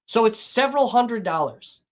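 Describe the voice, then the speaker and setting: A woman's voice: fairly high pitch, expressive, moderate pace. A woman live streaming, swearing constantly in an irritated, combative rant. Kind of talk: livestream rant.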